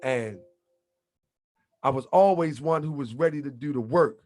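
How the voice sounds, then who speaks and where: A man hosts an online livestream from his home computer setup, talking loosely in slang and treating his viewers as family. His voice is medium-pitched and a little mellow, at a measured pace, with soft music in the background.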